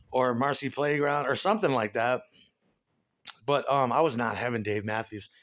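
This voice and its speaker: A middle-aged man doing a profane, animated stand-up rant about his past. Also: mid-range voice. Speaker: comedian.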